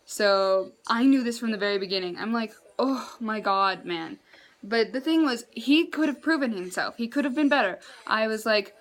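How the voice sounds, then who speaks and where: Exasperated woman with a high voice. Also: fairly quick, few pauses. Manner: exasperated, animated, laughing in disbelief. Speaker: vlogger. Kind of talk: casual storytelling to camera.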